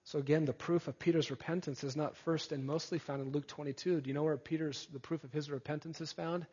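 A male preacher giving an earnest sermon, rising to emphatic peaks and dropping soft again. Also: on the high side, fairly even intonation, fast, breathy edge. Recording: dull sound with long hall reverb.

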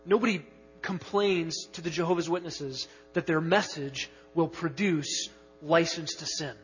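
A man preaching a sermon as pastor, emphatic, stretching key words slowly and rushing through asides. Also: high voice. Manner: emphatic, swings between slow stressed words and quick asides. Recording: dull lo-fi sound with long reverb in a hall.

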